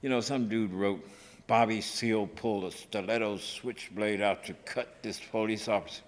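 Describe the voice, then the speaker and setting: An older man telling a story from his past, lively and chuckling, acting out shouts and voices. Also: lowish voice, moderate pace. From United States. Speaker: activist recounting history. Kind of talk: animated storytelling talk. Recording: echoey hall.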